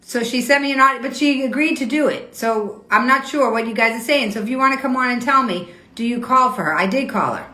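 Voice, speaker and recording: A woman's voice: on the high side, brisk, few pauses, bright, forceful tone. Indignant woman live-streaming, echoey room. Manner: indignant, argumentative, repeats herself. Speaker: host of a weekly live show. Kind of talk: Instagram live stream, reading and answering comments.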